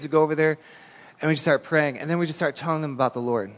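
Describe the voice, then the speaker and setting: Animated preacher man in an echoing hall. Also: a little high, fast. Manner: animated storytelling, colloquial with many "like"s. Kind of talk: sermon. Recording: long reverb in a large hall.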